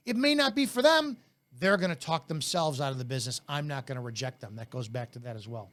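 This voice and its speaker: A man's voice: fairly high pitch, expressive, fairly quick, a bit bright. A man coaching network marketing in a blunt, intense, in-your-face way, in casual talk.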